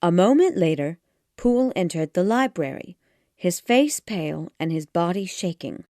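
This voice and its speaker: A woman narrating an audiobook of a classic gothic tale in a steady storytelling manner. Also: fairly low pitch, normal speed, no echo, clean studio sound.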